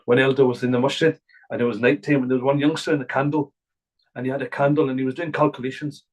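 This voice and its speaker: A man's voice: medium pitch, little pitch movement, fast, poor audio. Man preaching earnestly. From Glasgow, Scotland. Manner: earnest, repetitive, emphatic preaching. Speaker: imam. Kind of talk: religious talk to a gathering.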